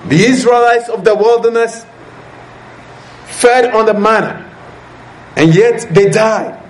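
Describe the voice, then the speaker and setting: A man preaching a sermon in a deliberate way, asking rhetorical questions as he explains the passage. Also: sits high. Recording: echoey room with faint ambient noise.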